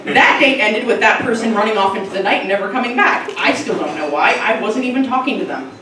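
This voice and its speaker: A woman's voice: medium pitch, lively intonation, far from the mic, a crowd in the background. Rambling young woman doing stand-up. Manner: chatty, rambling, self-mocking, quick asides. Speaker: stand-up comedian. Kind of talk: stand-up comedy set. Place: comedy club stage. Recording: echoey club, mic from afar.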